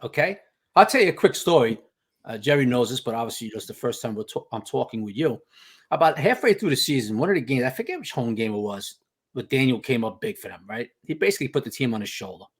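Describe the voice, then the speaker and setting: Animated New man telling stories. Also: medium pitch, fast talker, slightly rough. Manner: emphatic storyteller, repeats "you know" and "okay". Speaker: podcast guest, team insider. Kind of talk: casual sports podcast chat.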